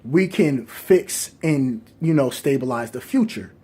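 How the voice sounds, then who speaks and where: A man's voice: medium pitch, lively intonation, measured pace, dark tone, slightly rough. A man voicing an earnest young male king who pleads with his cousin for help. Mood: pleading.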